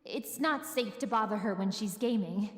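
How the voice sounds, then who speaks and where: A woman voicing a calm, wary young female pony in a fan audio drama. She delivers slow, cautious warnings. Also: mid-range voice, close to an everyday voice. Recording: echoey, roomy home recording.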